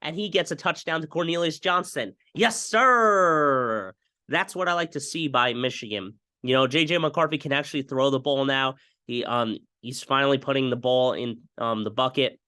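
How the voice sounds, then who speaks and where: Young male fan commentator, mid-pitch, excitable replay calls, dry close mic. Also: a little fast, no room sound. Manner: excitable, mimics broadcast calls, repeats stock phrases. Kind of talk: casual play-by-play game breakdown.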